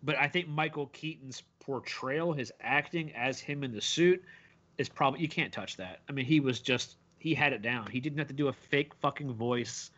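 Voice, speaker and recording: A man's voice: mid-range voice, moderate pace, dull audio. Opinionated man in casual podcast chat. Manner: opinionated, profane, animated storytelling. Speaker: podcast co-host.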